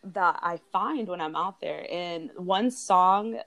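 A woman's voice: fairly low pitch, slow pace, crowd noise. A woman co-hosting a podcast, talking in a casual, earnest and heartfelt way, often laughing as she speaks. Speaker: podcast co-host.

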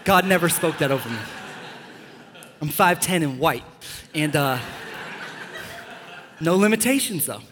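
A young man preaching a sermon as a pastor, enthusiastic and joking with sudden loud bursts. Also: high voice. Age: young adult. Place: large church hall. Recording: long church-hall reverb.

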